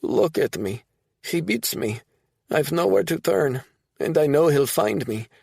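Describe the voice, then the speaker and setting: A man's voice: a little high, animated, measured pace, creaky, darkish tone, husky, no echo, clean studio sound, pitched above the performer's own voice, heavily acted. A man voicing a frightened, battered young woman who pleads fearfully in an audiobook.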